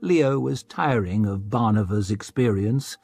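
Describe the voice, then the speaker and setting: A man narrating an audiobook in a measured, even storytelling manner. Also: fairly low pitch, creaky, husky, no echo, soft background music. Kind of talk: scripted narration.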